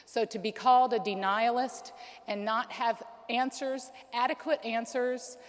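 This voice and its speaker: Speaking a little slowly in a voice on the high side with fairly even intonation, a woman in her forties offers an earnest personal testimony. She addresses a conference in a reverberant hall, often pausing with ums and starting over.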